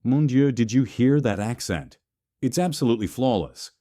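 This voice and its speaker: Rapid-talking French investor, voiced by a man, slightly raised pitch, dry close sound. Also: animated, mellow, no echo, natural voice. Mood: amazed. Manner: rapid, astonished whisper-like talk. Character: feared younger male French investor.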